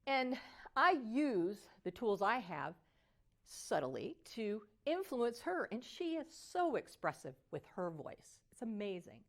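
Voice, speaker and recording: An older woman voice coach giving a motivational teaching talk, animated and at times singing phrases to show melody. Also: fairly high pitch, slow pace.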